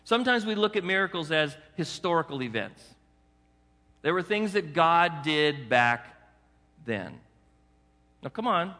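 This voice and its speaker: Animated pastor preaching in an echoey hall. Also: male voice, fairly high pitch, unhurried, pauses often. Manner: animated, coaxing the congregation with rhetorical questions. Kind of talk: sermon.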